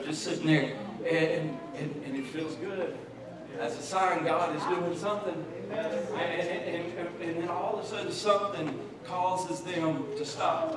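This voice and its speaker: High-voiced man preaching in an echoey church. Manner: swings from soft and intimate to loud shouting, with many repeated "and, and". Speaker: pastor. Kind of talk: sermon. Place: large church sanctuary. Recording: very echoey church hall, distant mic, congregation noise. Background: congregation.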